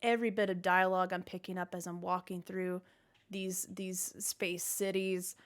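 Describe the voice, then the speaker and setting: A woman's voice: lowish voice, level tone, moderate pace. Rambling, jokey woman podcaster. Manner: rambling and jokey, trailing off into tangents. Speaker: podcast co-host. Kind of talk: casual chat.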